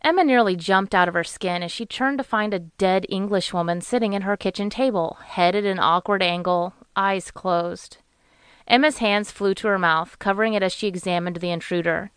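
A woman narrating a romance audiobook in a measured, even storytelling manner on a close studio mic. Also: medium pitch, smooth, dry recording. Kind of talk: scripted narration.

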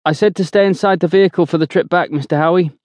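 A man voicing a terse, literal-minded male soldier who states facts flatly. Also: sits high, fast, no room sound, voice pushed up, lightly acted. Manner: flat, matter-of-fact corrections.

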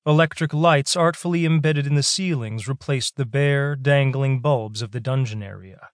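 A man narrating a science fiction audiobook in a steady, measured way. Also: medium pitch, dry recording, clean studio sound. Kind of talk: scripted sci-fi narration.

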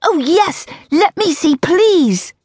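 A woman voicing an excitable, wide-eyed young woman who speaks eagerly and breathlessly. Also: extremely high pitch, normal speed, dry recording, studio quality, pitched above the performer's own voice, heavily acted. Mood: thrilled.

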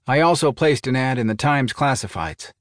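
A man narrating a first-person thriller audiobook in a measured, even storytelling manner. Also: mid-range voice, no room sound, clean studio sound.

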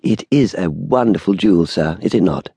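A man's voice: low-pitched, animated, normal speed, vocal fry, warm tone, slightly rough, no echo, exaggerated voice. A man voicing a courteous, deferential old shop assistant who speaks formally and politely. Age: older.

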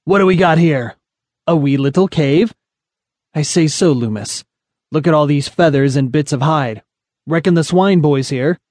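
A man doing gruff thug leader Loomis. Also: a little high, normal speed, darkish tone, no room sound, clean studio sound, close to an everyday voice. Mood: taunting. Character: rough male thug leader hunting a boy.

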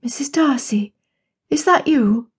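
A woman's voice: high-pitched, slow pace, breathy edge, voice pushed up, heavily acted. A woman doing a tired, kindly new mother. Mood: weary warmth.

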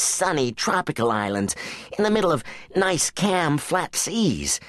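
A man's voice: a little high, a bit bright, no room sound, voice pushed up. A man voicing a grumbling, wisecracking teenage boy spy in an audiobook. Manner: complaining and jokey.

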